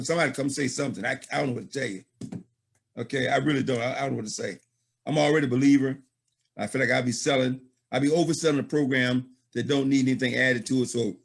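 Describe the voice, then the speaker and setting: A man's voice: mid-range voice, quick pace, vocal fry, slightly rough. A man hosting a conference call, stammering and sighing in amazement. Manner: stammering, exclaiming, laughs off breath. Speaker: call host. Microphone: conference call line.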